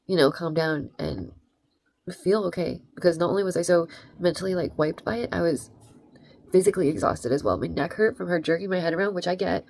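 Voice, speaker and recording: A woman's voice: lowish voice, a little fast, creaky, a little mellow, no echo. A young adult woman telling a rambling, emphatic story in a casual vlog, full of "like" and "right?". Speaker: vlogger.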